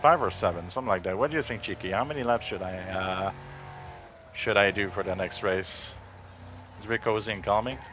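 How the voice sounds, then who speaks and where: Chatting casually on a racing-game stream, a man rambles and swears freely in a laid-back manner, and being thanked makes him emotional. His lowish voice is a little fast and fairly bright, with a little hiss or hum.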